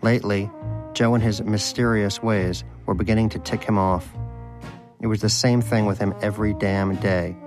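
A man's voice: fairly low pitch, steady tone, normal speed, over music. A man narrating an audiobook in a dry, wry storytelling manner.

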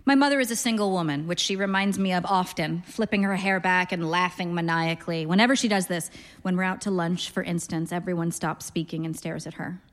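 A woman in her thirties reading a literary story aloud in a dry, deadpan first-person voice. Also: on the low side, a little fast, in a large hall. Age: 30s. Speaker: narrator, reader.

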